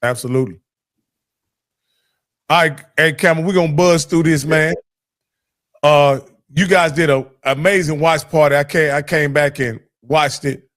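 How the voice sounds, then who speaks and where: A man's voice: a little high, steady tone, a bit bright. A man hosting a sports talk show, rambling and restarting his sentences as he thinks aloud. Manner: rambling, halting, many restarts.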